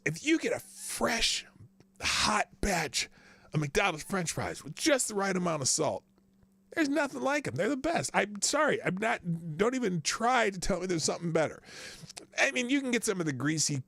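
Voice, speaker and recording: Lively, gravelly-voiced man hosting a stream. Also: on the high side, no room sound. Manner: rambling, chatty, reads chat and news aloud. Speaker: live stream host. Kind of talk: casual live stream chat.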